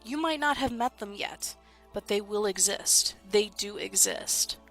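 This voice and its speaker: A woman's voice: medium pitch, unhurried, fairly bright tone, soft background music. A congested woman hosting a gaming video, chatting casually and reading the game's text aloud in a rambling way. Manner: chatty and rambling, with small laughs.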